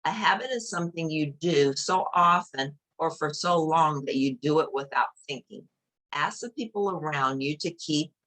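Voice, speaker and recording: A woman reading a children's picture book aloud, gently explaining each page to young listeners. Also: deep voice.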